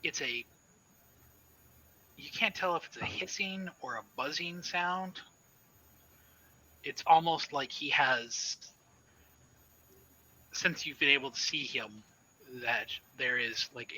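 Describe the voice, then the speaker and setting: A man narrating a tabletop game as game master, with a halting delivery full of fillers. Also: medium pitch, animated, pushed and bright, slight background noise, poor audio.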